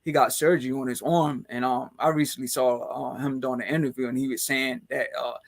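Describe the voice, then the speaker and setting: A man's voice: mid-range voice, fairly even intonation, fairly quick. Rambling man hosting a podcast. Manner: rambling, heavy on fillers like "man" and "you know". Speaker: podcast host. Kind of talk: casual boxing chat.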